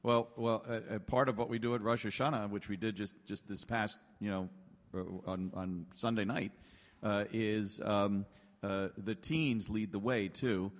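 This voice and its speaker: A man on a panel speaking haltingly with many fillers, in an echoey hall. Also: fairly low pitch, fairly even intonation.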